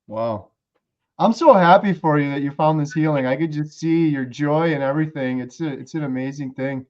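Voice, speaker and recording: A man's voice: fairly high pitch, moderate pace, darkish tone. Man host on dull lo-fi audio. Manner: brief supportive interjections. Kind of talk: casual interview chat.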